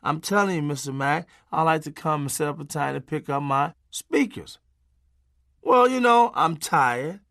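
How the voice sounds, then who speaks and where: A man's voice: fairly high pitch, expressive, moderate pace, gravelly, fairly bright tone, no room sound, clean studio sound. A middle-aged man narrating his memoir in a punchy, folksy, conversational way with salty language.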